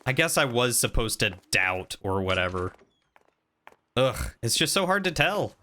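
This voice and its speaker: A man's voice: mid-range voice, big pitch swings, unhurried, bright, forceful tone. A man streaming a detective game, chatting casually and joking in a mock southern drawl. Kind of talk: casual gameplay commentary.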